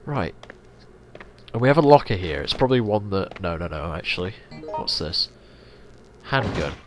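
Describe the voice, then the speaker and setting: A deep-voiced man talking at normal speed plays a video game as a let's play host, rambling casually and swearing liberally while game music plays.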